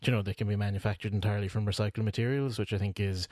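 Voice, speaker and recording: Low-voiced man, rambling podcast chat. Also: fairly even intonation, very fast, darkish tone, no room sound, clean studio sound. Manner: rambling with many fillers and restarts. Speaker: podcast co-host. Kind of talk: casual chat.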